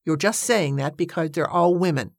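A determined young woman who speaks earnestly and pleads her case, as voiced by a woman narrator. The voice sits just above the reader's own low tone. The recording is dry and close. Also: moderate pace, vocal fry, no room sound. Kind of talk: audiobook character reading.

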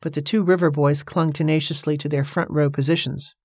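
A woman narrating an audiobook in a measured storytelling manner. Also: deep voice, fairly even intonation, a little mellow, dry recording, clean studio sound.

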